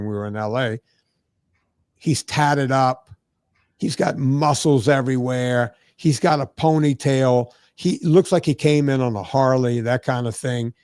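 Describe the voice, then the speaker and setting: Brief: male fitness guest, chatty storyteller, mimics people he quotes, dry close sound, middle pitch. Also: no echo. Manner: animated, acts out quoted people, frequent "right?" tags. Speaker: diet and fitness expert guest. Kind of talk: casual conversational storytelling.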